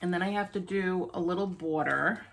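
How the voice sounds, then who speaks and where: A woman's voice: fairly low pitch, normal speed, gravelly. A woman hosting a stitching vlog, chatting casually to viewers, out of breath, rambling with many ums and restarts.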